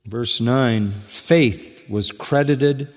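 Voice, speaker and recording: A man delivers an expository sermon from the pulpit, repeating his key phrases and putting questions to the congregation. His voice climbs to emphatic high stresses and then sinks almost to a hush. It carries a long hall reverb, as if heard in a church sanctuary. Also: drawn-out words. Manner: emphatic, rising to high stresses then dropping to a hushed low. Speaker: pastor.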